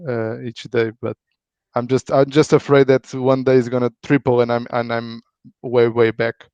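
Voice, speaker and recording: A man talking casually on a live stream, halting and full of fillers and repeated words. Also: mid-range voice, darkish tone, no room sound. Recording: dry, dull lo-fi audio.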